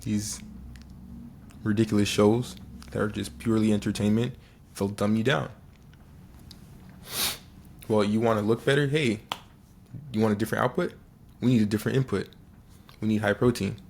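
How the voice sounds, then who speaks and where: A young man with a fairly low voice talks straight to the listener in a casual motivational monologue. He is earnest and repetitive, restarting phrases and saying key lines twice to drive them home. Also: level tone, normal speed, vocal fry, pauses often, a little mellow, slight background noise. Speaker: motivational speaker.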